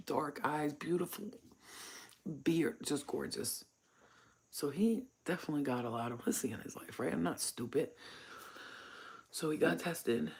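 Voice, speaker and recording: A woman's voice: very deep voice, darkish tone, slightly rough. Blunt, profane woman vlogger. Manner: blunt, profane, frank storytelling. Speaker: channel host. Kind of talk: casual monologue to camera.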